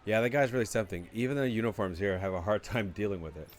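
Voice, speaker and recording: A man's voice: fairly low pitch, quick pace, natural voice. A man voicing an eager townsperson who tells travelers about a bounty on a monster, reading game dialogue aloud in his everyday voice. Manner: reads the lines aloud in his own everyday voice.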